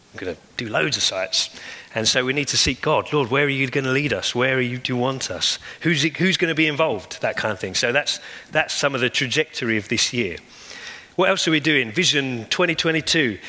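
A pastor preaches an earnest sermon, piling up repeated phrases for emphasis. His middle-pitched voice is bright and forward, ringing with long reverb as if in a large church hall.

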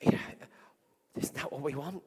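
An English man preaching a sermon and telling healing stories, swinging between loud exclamations and hushed asides. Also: a little high, moderate pace, breathy edge. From England. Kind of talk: sermon with storytelling. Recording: long reverb from a large hall.

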